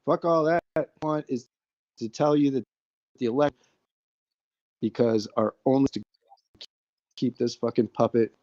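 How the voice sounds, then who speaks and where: A man, a guest on an online stream, talking in halting, broken-up fragments over a connection that keeps dropping. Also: mid-range voice, a little mellow, no room sound. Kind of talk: casual conversation. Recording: muffled, dropping internet audio.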